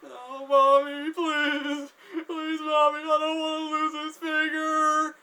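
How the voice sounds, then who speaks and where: Brief: shrill, wailing young man in full panic, very high and loud. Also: monotone, slow, exaggerated voice. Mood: panicked.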